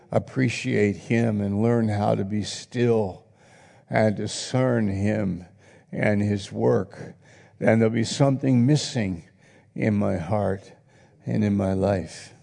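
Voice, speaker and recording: Slow gravelly male preacher. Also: fairly low pitch, steady tone, a little mellow. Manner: earnest, reflective, reads scripture aloud. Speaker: pastor. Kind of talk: sermon. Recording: long reverb in a hall.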